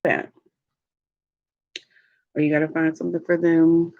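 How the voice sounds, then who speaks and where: A woman, a mother, telling stories in a relaxed, chatty way while eating on a livestream vlog. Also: low-pitched, lo-fi sound. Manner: slow, chatty storytelling with laughs. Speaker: mukbang vlogger. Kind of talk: casual chat while eating. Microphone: livestream mic.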